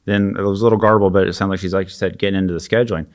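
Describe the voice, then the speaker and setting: Low-voiced man giving sales tips. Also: rapid-fire. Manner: relaxed, practical, acts out short sample questions. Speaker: sales coach. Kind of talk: casual explanation of sales technique.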